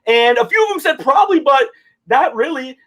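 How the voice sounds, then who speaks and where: A man's voice: extremely high pitch, expressive, normal speed, fairly bright tone, low-quality recording. A young man chatting casually on a podcast, laid-back, full of slang and swearing. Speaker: podcast host. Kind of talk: casual chat.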